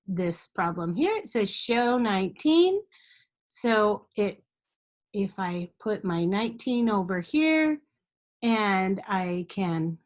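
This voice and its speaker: Slow, patient woman teaching young kids. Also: medium pitch. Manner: patient, sing-song chants and repeated check-ins. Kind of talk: slow step-by-step math lesson for young kids.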